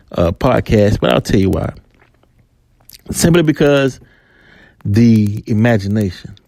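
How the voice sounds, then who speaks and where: A man's voice: medium pitch, creaky, dark tone, no echo. A man hosting a podcast, talking, delivering a heated, profane commentary and acting out quoted exchanges. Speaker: podcast host. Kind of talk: angry commentary monologue.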